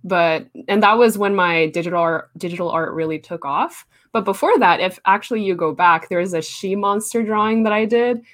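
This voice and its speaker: A woman's voice: medium pitch, normal speed, hardly any pauses, a bit bright. A young woman artist in a casual interview, chatty and laughing often, with many fillers.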